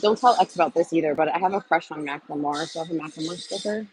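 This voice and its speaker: This livestream host is a woman with a deep, darkish voice who talks fast, wandering across topics with many fillers while replying to viewer comments. Her speech is scattered and tends to trail off. The audio is poor, with a little hiss or hum.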